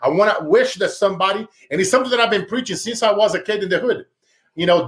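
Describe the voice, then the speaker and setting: Speaking quickly in a high, slightly bright voice, this Brazilian success speaker with a Brazilian Portuguese accent tells fervent stories as an interview guest. The talk is animated, and he keeps addressing the host as "bro."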